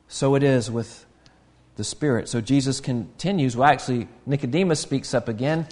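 A man's voice: medium pitch, moderate pace, a little mellow, big-room sound. A man, preaching a sermon in an earnest, conversational way with frequent restarts. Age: 50s. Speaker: pastor.

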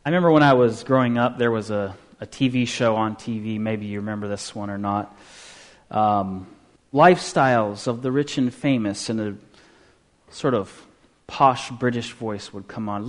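A man preaching a sermon in a conversational way, asking rhetorical questions and dropping into quiet asides. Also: fairly low pitch. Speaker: pastor.

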